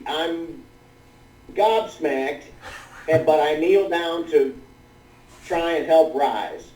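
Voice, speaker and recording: A man's voice: on the high side, extremely slow, warm tone. A man playing in a tabletop game, answering the game master with short, hesitant replies. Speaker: player. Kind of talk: casual tabletop game play. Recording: roomy room, mic far off.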